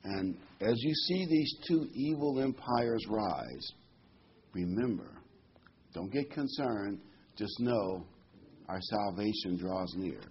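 A pastor preaching a sermon in a conversational, folksy way, repeating key words for emphasis. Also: male voice, on the low side, expressive, slow pace, highs cut off, a little hiss or hum.

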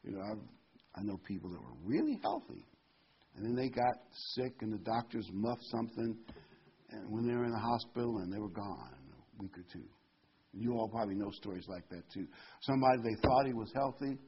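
A man preaching a sermon in a low, very husky voice, caught on a dull lo-fi recording. He swings between loud emphatic points and quiet asides and reads scripture aloud with weight. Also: expressive, a little fast.

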